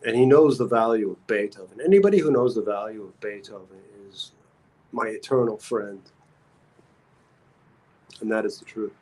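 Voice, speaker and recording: A man's voice: on the low side, moderate pace, long pauses, darkish tone, rough recording. A man hosting a casual livestream, reading comments aloud and rambling with repeated phrases and stammers. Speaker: livestream host.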